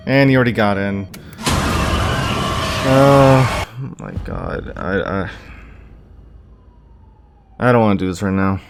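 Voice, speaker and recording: A man's voice: fairly low pitch, slight background noise. A young man commenting on a horror game as he plays, talking to himself, groaning and exclaiming when things go wrong. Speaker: gameplay commentator. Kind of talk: let's play commentary.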